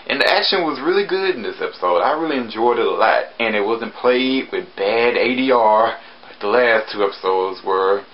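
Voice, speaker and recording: A man casually reviewing a TV episode, chatty with sarcastic asides and sudden jumps in pitch. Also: highs cut off.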